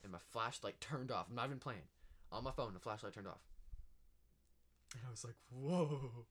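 A young man co-hosting a casual chat, telling a ghost story in an animated way, acting out voices and laughing often. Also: medium pitch, normal speed. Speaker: podcast co-host.

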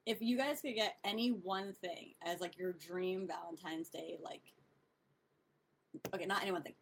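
A woman chatting casually among friends, telling stories with bursts of laughter and excitement. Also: fairly low pitch, moderate pace, creaky, slight background noise. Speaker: podcast co-host. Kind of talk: casual chat.

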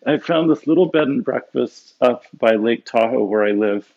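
Guest storyteller, middle-aged man, gravelly and husky, dull lo-fi sound. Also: medium pitch, normal speed. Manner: animated anecdotes with frequent laughs and restarts. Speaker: guest, professor and author. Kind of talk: conversational storytelling.

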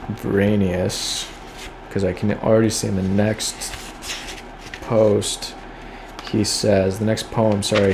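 Low-voiced man reading and riffing. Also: darkish tone, a little hiss or hum. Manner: reads lines aloud then riffs with wry, profane asides; spells out words letter by letter while looking them up. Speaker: podcast host reading poems. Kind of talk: casual reading and commentary.

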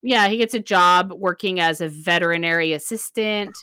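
Woman retelling a book, smooth voice. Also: lowish voice, normal speed, sharp tone, no room sound. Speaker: book podcast co-host. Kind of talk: casual book discussion.

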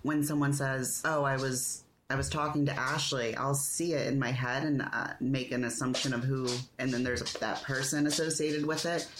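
A man's voice: mid-range voice, steady tone, moderate pace, few pauses, a bit bright, slight background noise. Rambling man chatting on a podcast. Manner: rambling, chuckles easily. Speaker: podcast co-host. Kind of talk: casual chat.

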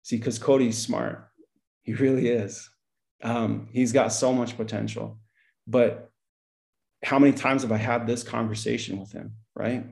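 A man's voice: medium pitch, steady tone, measured pace, vocal fry, darkish tone. A middle-aged man, a former school principal, telling a story in conversation, acting out the dialogue and often laughing. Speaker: podcast guest, school principal.

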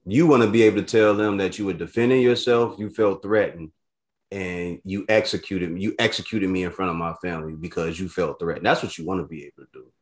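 A man's voice: low-pitched, brisk. A man from Chicago telling stories in a casual, profane way, growing heated as he goes. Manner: profane, animated storyteller who grows heated. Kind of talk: casual storytelling chat.

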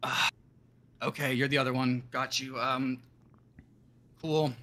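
A man voicing an officious male desk clerk guard who questions people in a brisk, bureaucratic way. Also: mid-range voice, flat delivery, pushed and bright.

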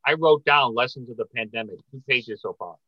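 A man's voice: mid-range voice, brisk, muffled recording, a crowd in the background. A middle-aged man as a podcast guest, chatty and jokey, telling stories in a loose, casual way. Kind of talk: casual interview chat.

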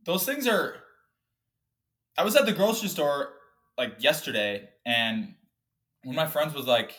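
A man in his twenties hosting his own podcast, rambling and swearing, with loud outbursts that drop to low mumbles. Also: lively intonation, measured pace, long pauses. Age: 20s. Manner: profane, rambling, self-deprecating. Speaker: podcast host. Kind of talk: casual solo podcast rant.

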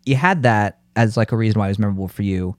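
A man's voice: on the low side, racing, no echo. A man co-hosting a casual chat, talkative and full of fillers, laughing often. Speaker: podcast co-host.

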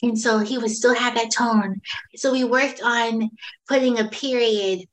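A woman who coaches children and families, telling client stories in an animated, conversational interview. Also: fairly high pitch, a little slow, slight background noise, low-quality recording.

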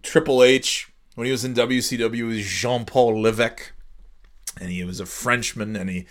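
A man in his forties with a mid-range voice chats on his own as a podcast host, keeping a steady tone and moderate pace. He rambles, gets sarcastic, and slips into silly voices.

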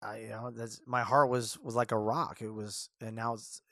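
A man's voice: lowish voice, steady tone, moderate pace, fairly bright tone, dry recording, clean studio sound. A man hosting a podcast, telling a story casually and with animation, often repeating and restarting phrases. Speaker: podcast host, barber.

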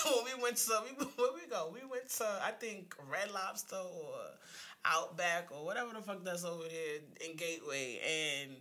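A woman, telling stories in a casual chat, animated and slangy, swearing freely. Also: on the low side, normal speed.

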